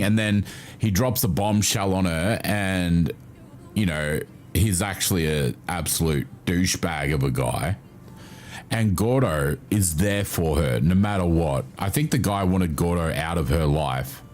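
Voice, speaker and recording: A man's voice: sits low, lively intonation, a little slow, a little mellow, soft background music. A man livestreaming, chatting casually with his viewers and reacting to their messages with laughs and swearing. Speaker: livestreamer reading chat.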